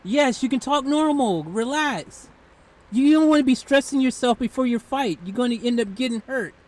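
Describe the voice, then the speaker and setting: Background hiss accompanies a live stream where the male host rambles casually, leaning on fillers and restarting often. He has a very high voice with a darkish tone and a moderate pace.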